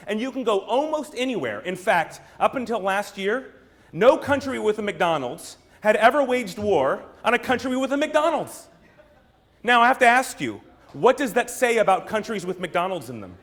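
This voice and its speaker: A man's voice: high-pitched, very animated, moderate pace. A man from the United States giving an emphatic keynote talk to a room, firing rhetorical questions and theatrical asides at the audience. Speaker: brand strategist, speaker.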